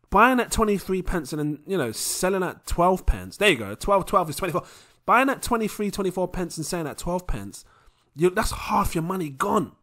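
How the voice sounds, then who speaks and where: A young man hosting a casual crypto vlog, animated and laughing often. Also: a little high. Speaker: crypto video host.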